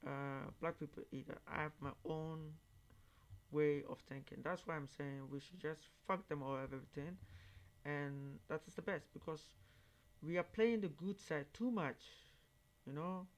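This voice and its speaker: A man hosting a reaction video, talking casually in halting English, searching for words, then growing emphatic. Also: fairly high pitch. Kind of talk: casual monologue commentary.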